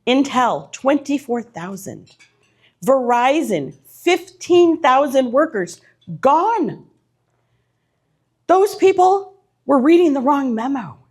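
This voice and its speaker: A woman's voice: high-pitched, sing-song, slow, pauses often, a little mellow. Punchy, direct woman giving a motivational talk. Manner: punchy, direct, repetitive lists. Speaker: keynote speaker. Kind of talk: motivational talk to a live audience. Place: event room with audience.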